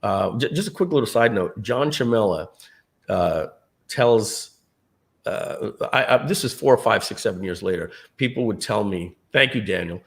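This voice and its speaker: A man's voice: lowish voice, animated, moderate pace, gravelly. Man telling a story with acted-out quotes. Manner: acts out other people's lines in quoted voices. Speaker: speaker telling a personal story. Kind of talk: animated storytelling to an audience.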